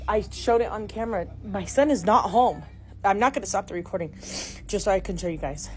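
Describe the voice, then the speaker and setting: A middle-aged woman filming inside her home on a handheld phone, talking to viewers in a breathless, alarmed, often hushed way. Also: mid-range voice, brisk. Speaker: homeowner filming her house. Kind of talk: frightened phone video to viewers. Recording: noisy home phone recording.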